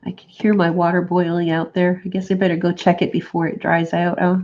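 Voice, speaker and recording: A woman's voice: fairly low pitch, flat delivery, brisk, darkish tone, highs cut off. A woman co-hosting a crafting session, chatting casually and chuckling between remarks. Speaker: crafting co-host. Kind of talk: casual chat while crafting.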